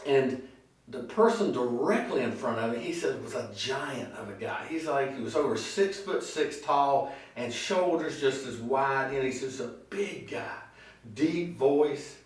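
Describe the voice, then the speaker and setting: A male pastor delivering a sermon, telling stories and slowing down on key phrases. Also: medium pitch, animated. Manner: storytelling preacher, slow emphatic phrases, acts out quoted voices. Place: church sanctuary. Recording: echoey hall, mic at a distance.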